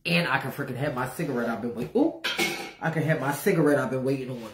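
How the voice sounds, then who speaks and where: A woman's voice: extremely low pitch, fast talker, roomy sound, noisy background. A woman ranting on a livestream in a brash, profane way, repeating phrases over and over for emphasis. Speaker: live streamer. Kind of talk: unscripted livestream rant.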